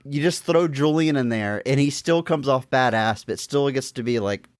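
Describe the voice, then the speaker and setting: A man co-hosting a movie podcast, talking in a relaxed, agreeable way with chuckling asides. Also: medium pitch, moderate pace, no echo, studio quality. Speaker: podcast co-host. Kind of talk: casual movie review chat.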